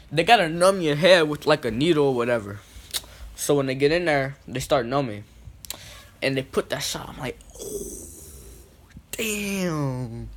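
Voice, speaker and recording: A young man telling a story in a loose, rambling way, leaning on "like" and "boom" as fillers. His voice sits a bit high for a man. He jumps from loud to hushed as he acts scenes out. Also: slight background noise. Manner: swings from loud to quiet when acting out scenes. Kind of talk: casual story time.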